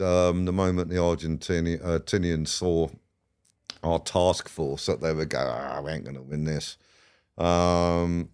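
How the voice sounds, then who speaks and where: A man's voice: sits low, darkish tone, smooth. A man, a podcast guest rambling through stories, swearing and laughing as he goes. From England. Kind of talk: casual storytelling interview.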